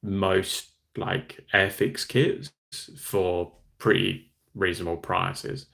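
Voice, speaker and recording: Low gravelly Australian man chatting. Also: takes it slowly, a bit bright. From Western Australia. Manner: chatty, reads out and answers viewer comments. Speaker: livestream host. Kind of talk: casual livestream chat.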